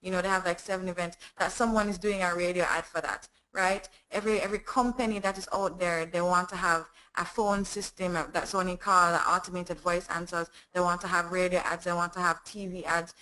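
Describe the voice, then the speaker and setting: A woman with a Jamaican accent, a voiceover artist chatting casually in an interview, talking quickly with tag questions. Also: on the low side, steady tone, sharp tone, poor audio.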